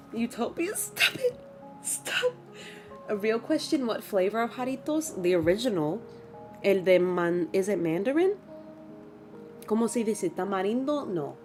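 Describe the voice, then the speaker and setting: A woman's voice: medium pitch, warm tone. A young woman streaming from home, chatting casually and expressively with her viewers, dramatic about small things and dropping Spanish phrases into her talk. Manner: self-mocking, dramatic complaints. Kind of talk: casual livestream chat with viewers. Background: faint background music.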